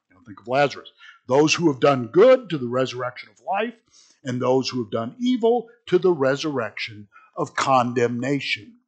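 A man's voice: mid-range voice, very animated, moderate pace. A man teaching an informal Bible class, chatty and self-mocking, who laughs at his own jokes and reads scripture aloud.

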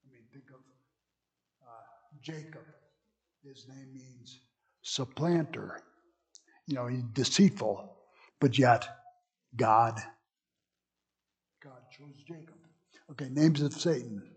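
A man's voice: mid-range voice, a little mellow, poor audio. Emphatic man teaching a class. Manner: emphatic, repeats key words. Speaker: Bible study teacher.

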